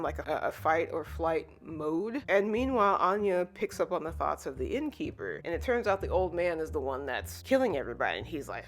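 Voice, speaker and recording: A speaker giving a casual, chatty recap of a manga chapter, tossing in "like" and quick paraphrased asides. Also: mid-range voice. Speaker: manga reviewer.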